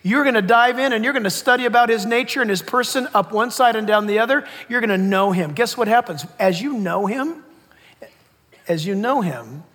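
A man's voice: sits high, fairly bright tone. A man preaching a sermon as pastor, emphatic, repeating key words and laughing between points. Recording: long hall reverb.

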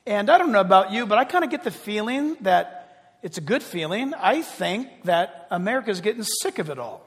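A man preaching a sermon as pastor, animated and conversational, often acting out quotes. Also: sits high, normal speed, long reverb tail.

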